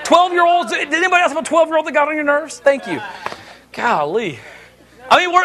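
Bright, high-voiced joking preacher. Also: male voice, brisk. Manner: animated, joking storyteller. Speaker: pastor. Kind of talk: sermon.

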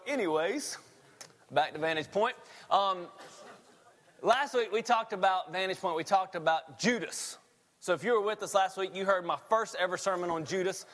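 A male pastor preaching a sermon, telling stories in an animated, laughing way. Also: high voice, in a large hall.

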